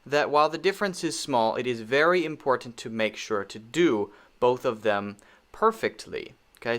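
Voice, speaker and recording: A man's voice: mid-range voice, a bit bright. A man teaching pronunciation, speaking patiently and repeating sounds over and over to demonstrate them. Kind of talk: spoken lesson.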